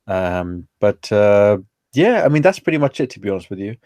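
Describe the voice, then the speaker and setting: A man's voice: on the low side, sing-song, normal speed, darkish tone, no room sound. A man, a guest telling stories in a casual, slangy way full of fillers. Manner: chatty, informal, peppered with slang and fillers. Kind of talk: casual storytelling conversation.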